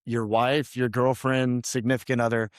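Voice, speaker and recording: A middle-aged man co-hosting a podcast, speaking in relaxed, reflective casual chat and laughing easily. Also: medium pitch, normal speed, no room sound, studio quality. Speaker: podcast co-host.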